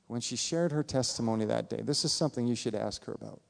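A man speaking to a church congregation, warmly recounting a mission trip with enthusiasm and frequent fillers. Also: mid-range voice, quick pace, vocal fry. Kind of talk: church service announcement.

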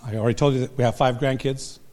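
A man's voice: medium pitch, steady tone, fast, a little mellow. An older man, a pastor and marriage counselor, giving a humorous, self-deprecating talk to a live audience. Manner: self-deprecating, joking storyteller.

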